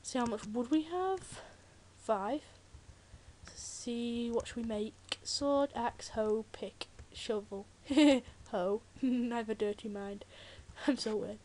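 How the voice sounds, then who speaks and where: A chatty teenage girl from Britain takes it slowly, her voice a little high, as she gives casual game commentary for a Let's Play. She's jokey, with rambling asides, over the sound of loud keyboard clicks and typing.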